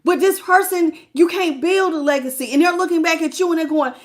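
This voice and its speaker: A woman's voice: extremely high pitch, a little fast. A woman giving a live tarot reading, talking casually and emphatically to her viewers, repeating phrases and laughing often. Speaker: tarot reader.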